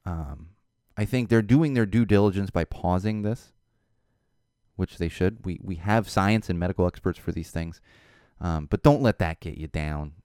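A man hosting his own show, talking in an animated, emphatic monologue. When he gets upset he repeats words. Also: low-pitched, normal speed, clear, resonant tone, no room sound, studio quality. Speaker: show host. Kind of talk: casual monologue.

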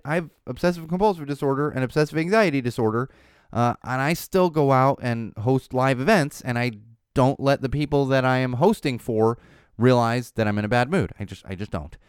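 A man in his thirties hosts a casual solo podcast, telling stories with lots of swing in his voice and dropping into muttered asides. His voice is smooth and resonant. The sound is dry and close. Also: medium pitch, no echo. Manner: animated storytelling, ranting, drops to muttering asides. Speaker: podcast host.

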